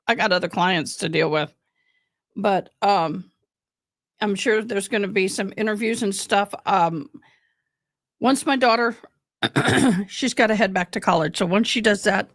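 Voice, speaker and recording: A woman's voice: mid-range voice, dry recording, studio quality. A middle-aged woman hosting a livestream, giving blunt, chatty commentary on a court hearing straight to her viewers. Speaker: livestream host. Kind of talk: casual live commentary on a court stream.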